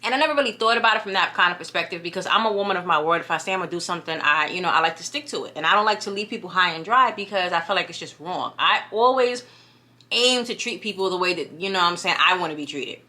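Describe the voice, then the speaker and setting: Talking fast in a lowish voice, this young vlogger has a clear New York accent and a bright, forward tone. She's chatty and animated speaking casually to her camera, repeatedly asking "you know what I mean?"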